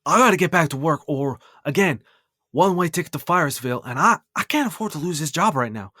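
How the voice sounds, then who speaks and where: A man voicing an anxious, hurried young male worker who talks in laid-back slang. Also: fairly high pitch, expressive, pushed and bright, dry recording, studio quality, voice pushed up.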